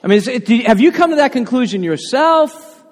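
A man preaching a sermon, animated and acting out the voices in the passages he quotes. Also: very high-pitched, fairly quick, in a large hall. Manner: animated, acts out quoted voices with rising intensity. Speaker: pastor. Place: church sanctuary.

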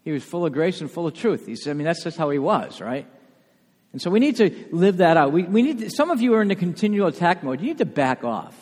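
A man preaching a sermon as pastor, emphatic, with rhetorical questions and sudden soft asides. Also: sits high, lively intonation, quick pace, in a large hall. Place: church sanctuary.

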